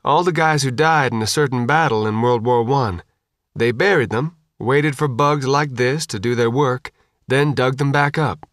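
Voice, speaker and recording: Casual: guy reading as a tough calm lady officer, low key, no-nonsense. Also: moderate pace, no echo, studio quality, close to an everyday voice. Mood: grim calm. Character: grim, steady female petty officer.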